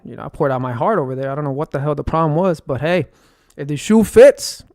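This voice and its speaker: A New man speaks straight into a close, dead-dry mic in a somewhat high voice. He rambles in an agitated monologue, swearing freely, repeating phrases and filling gaps with ums and uhs. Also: very fast, dry recording. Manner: rambling, profane, with frequent fillers and repeated phrases. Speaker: streamer.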